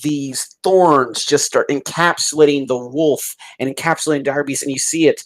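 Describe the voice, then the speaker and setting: A man's voice: medium pitch, normal speed, rough recording. A man narrating as dungeon master, describing the scene vividly and rambling with fillers. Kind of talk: narrating a tabletop game.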